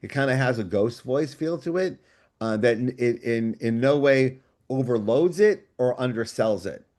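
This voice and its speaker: Male writer, guest on a call-in book club; mid-pitched voice, eager and digressive. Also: expressive, normal speed. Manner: enthusiastic, thinks out loud in long digressions. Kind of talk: casual podcast discussion. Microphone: video call.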